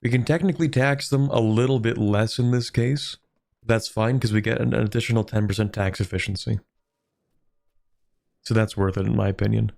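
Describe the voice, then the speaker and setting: A man's voice: on the low side, steady tone, moderate pace, vocal fry, a little mellow. A man streaming a strategy game, chatting casually, thinking aloud and answering viewers' questions. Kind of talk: casual gameplay commentary.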